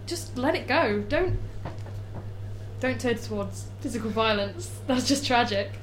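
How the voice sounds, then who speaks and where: A young woman co-hosting a casual comedic chat, giggly and quick to protest, turning earnest when she disagrees. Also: a little high, lively intonation, a little hiss or hum, poor audio. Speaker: co-host.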